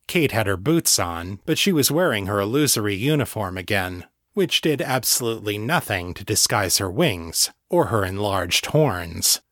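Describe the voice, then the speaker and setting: A man reading a novel aloud as an audiobook narrator, in an even, measured storytelling way. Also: on the low side, no room sound, clean studio sound.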